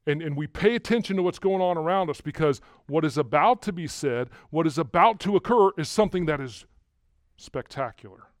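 A man with a slightly high voice preaches to his congregation, stopping to repeat words and pushing hard on the ones that matter. The sound is dry and close, with no room echo. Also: expressive, a little fast. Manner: repeats words and rises loudly on key words. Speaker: pastor. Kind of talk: sermon.

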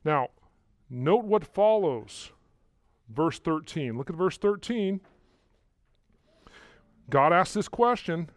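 A man with a slightly high voice preaches to his congregation, stopping to repeat words and pushing hard on the ones that matter. The sound is dry and close, with no room echo. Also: animated, takes it slowly, pauses often. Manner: repeats words and rises loudly on key words. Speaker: pastor. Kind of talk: sermon.

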